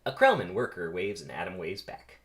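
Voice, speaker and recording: A man's voice: sits low, big pitch swings, brisk, a bit bright. A man casually reading stage directions aloud on a first, unrehearsed read. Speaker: script reader.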